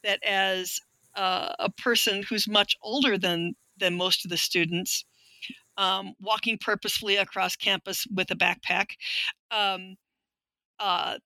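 A middle-aged woman, a linguistics professor, is a guest in a conversational interview, telling stories frankly and wryly and acting out the voices she quotes. Her voice sits at medium pitch with a steady yet sharp tone and a measured pace. The recording is low quality but has no echo.

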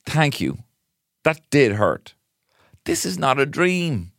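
A man voicing a smitten young man who delivers a cheesy pick-up line and sulks when it falls flat, in a whiny, exaggerated way. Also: a little high, takes it slowly, gravelly, no room sound, studio quality, voice pushed up, exaggerated voice. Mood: sulky.

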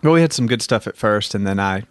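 A man's voice: lowish voice, animated, fast talker, no room sound. A man on a podcast, telling stories in a wry, self-deprecating way. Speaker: podcast producer. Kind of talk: casual chat.

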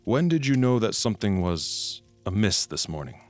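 An actor playing a police detective who questions a suspect with pointed, insinuating questions and dry irony in a true-crime reenactment. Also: male voice, on the low side, big pitch swings, moderate pace, faint music behind. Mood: ironic.

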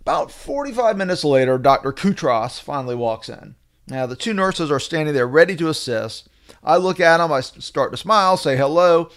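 Wry storytelling man, slightly high voice. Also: expressive, normal speed, a bit bright. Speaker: podcast host. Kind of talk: storytelling monologue.

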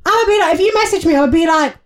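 A young woman co-hosting a podcast in casual chat, animated and full of dramatic impressions. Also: very high voice, very fast. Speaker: podcast co-host.

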